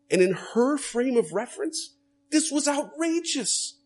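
A man's voice: extremely high pitch, expressive, unhurried. A man preaching a sermon as a pastor, earnest and direct, often putting rhetorical questions to his listeners.

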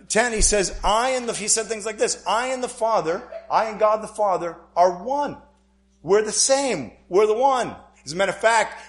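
A man's voice: on the high side, fairly bright tone. A man preaching a sermon, emphatic, repeating key phrases and acting out the lines he quotes.

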